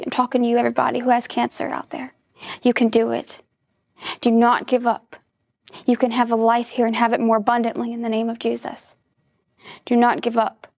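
A woman's voice: fairly high pitch, gravelly, dry recording, highs cut off. A woman in her twenties giving an emphatic, determined personal faith testimony. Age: 20s. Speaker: testimony speaker.

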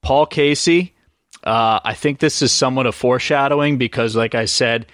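A man's voice: mid-range voice, normal speed, no room sound, clean studio sound. A man co-hosting a golf podcast, casually running through his picks with jokes and asides. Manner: relaxed, joking, rambling picks. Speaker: podcast co-host. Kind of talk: casual golf betting chat.

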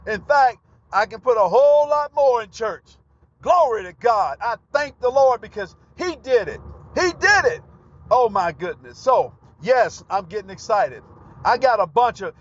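Fervent high-voiced preacher. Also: male voice, slight background noise. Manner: fervent, bursts into shouted praise. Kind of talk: broadcast sermon testimony. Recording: dull lo-fi broadcast recording.

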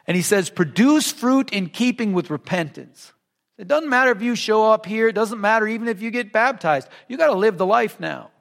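High-voiced pastor preaching in church, earnest and emphatic, long echo tail. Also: male voice, lively intonation, fast talker, gravelly, hardly any pauses, a bit bright. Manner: earnest and emphatic, reads scripture then explains it plainly. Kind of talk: sermon. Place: church sanctuary.

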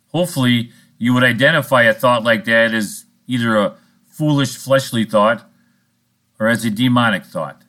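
A man's voice: mid-range voice, pushed and bright. A man preaching a sermon in a blunt, scolding, sarcastic manner. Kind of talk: recorded sermon monologue.

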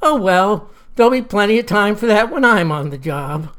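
A man's voice: high voice, lively intonation, moderate pace, fairly bright tone. A narrator voicing a drowsy, bumbling elderly man who talks in an offhand way. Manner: dozy, offhand.

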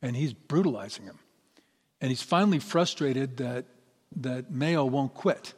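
A man's voice: medium pitch, measured pace, darkish tone, husky. Middle-aged male pastor preaching in a reverberant hall. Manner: earnest, building to emphatic peaks. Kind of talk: sermon. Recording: long reverb of a large hall.

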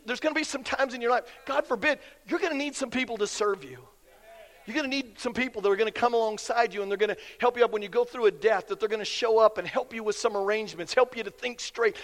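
High-voiced folksy pastor preaching. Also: male voice, fast, fairly bright tone. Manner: folksy, emphatic preaching with repeated punchlines. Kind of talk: sermon. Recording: long reverb of a big hall.

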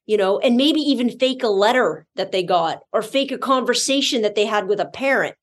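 A woman's voice: on the high side, brisk, few pauses. Blunt, sarcastic woman reviewing a movie. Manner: blunt, sarcastic, animated storytelling. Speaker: podcast co-host. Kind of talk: casual movie review chat.

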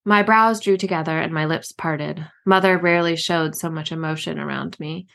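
A woman reading her own novel aloud in a steady, measured first-person narration. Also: low voice, gravelly. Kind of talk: audiobook narration.

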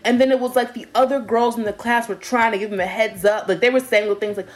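A young woman who talks fast, her voice a little high, shares a story in casual conversation. The telling is animated, with laughter and acted-out quotes.

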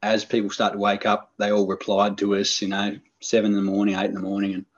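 An Australian man tells his story in a relaxed, rambling way, full of fillers and restarts. His voice sits low and a touch husky. The recording is dull and lo-fi. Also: fast talker. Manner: rambling, laid-back, many fillers and restarts. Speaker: podcast guest, hunter. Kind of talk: casual storytelling.

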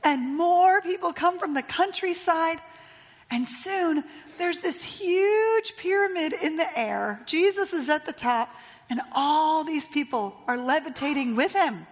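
A woman pastor in her thirties preaches with a high, bright-pitched voice, spinning a story and voicing its characters. Her words ring out with the long reverb of a church hall. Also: expressive, unhurried. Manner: storytelling, retelling a tale with voiced lines. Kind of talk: sermon.

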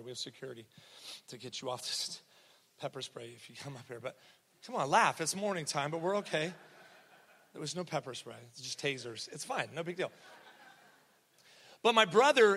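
A man's voice: on the high side, sharp tone. Emphatic male preacher in a hall. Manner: emphatic, repetitive, jokey. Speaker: pastor. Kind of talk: sermon. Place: church sanctuary. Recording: reverberant church hall.

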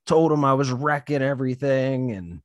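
A man in a dry, close-sounding room tells a long work story in loose, profane chat. He laughs through much of it and acts out quotes from the people involved. His voice sits at an ordinary middle pitch. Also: normal speed, no room sound, highs cut off. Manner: swears a lot, laughs often, acts out quotes. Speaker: tree worker telling a story.

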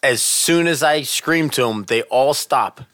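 A middle-aged man tells a story in an earnest, animated way, leaning in and going quiet at the tense parts. His pitch sits in a middle range for a man. The sound is dry and close, with no room echo. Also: a little slow. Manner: animated, earnest, drops soft for tense moments. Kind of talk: casual storytelling chat.

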